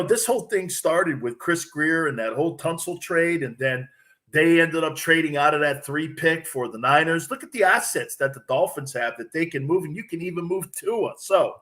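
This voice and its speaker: Excitable, blunt middle-aged man. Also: on the high side. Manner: blunt, excitable, many restarts. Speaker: sports radio guest. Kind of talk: animated storytelling on a sports show.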